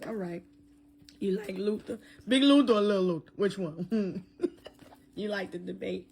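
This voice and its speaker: A woman's voice: mid-range voice, slight background noise. A woman giving a loose, joking tarot reading, freestyling and cursing as she goes. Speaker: tarot reader.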